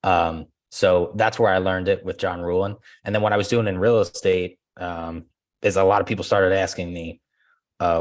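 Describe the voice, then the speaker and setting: A man in his thirties, a podcast guest chatting casually, who laughs often and acts out phone calls in lively voices. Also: deep voice, normal speed. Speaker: guest, former real estate agent.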